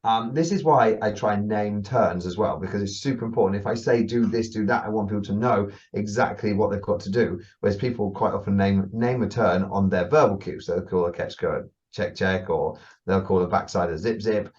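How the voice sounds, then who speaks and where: Brief: low-voiced male agility trainer, chatty and profane, recorded dull and slightly off-mic. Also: brisk, few pauses. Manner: swearing, laughing, animated storytelling. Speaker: dog agility trainer, podcast co-host. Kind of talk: casual podcast chat.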